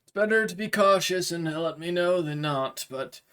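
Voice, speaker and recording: A man's voice: high voice, normal speed, a bit bright, clean tone, pitched above the performer's own voice. A man voicing a weary camp expedition leader. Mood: practical.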